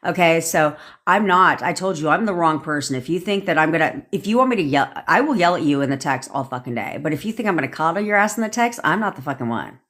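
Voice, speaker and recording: A woman, talking casually to a live-stream audience as a manifestation coach. She is blunt and unfiltered, swears often and breaks into quick asides. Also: sits low. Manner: blunt, profane and animated, with frequent laughs and asides. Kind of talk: live-stream talk answering viewer comments.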